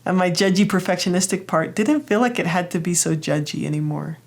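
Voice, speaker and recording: A woman hosting a self-help lesson, telling a personal example in a gentle, encouraging way. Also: lowish voice, fairly even intonation, a little fast. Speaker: therapist host.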